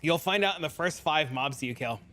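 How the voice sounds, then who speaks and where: Man, New Jersey accent, streamer storytelling, high voice, very animated. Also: moderate pace. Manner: animated, profane, gets loud and high when retelling arguments. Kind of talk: casual storytelling to chat.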